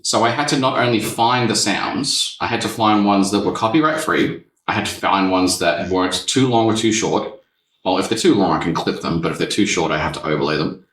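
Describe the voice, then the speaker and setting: Low-voiced man, echoey room. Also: fairly quick, distant mic. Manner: relaxed, rambling storyteller. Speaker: podcast host and voice actor. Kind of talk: casual podcast chat. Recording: echoey room, a bit off-mic.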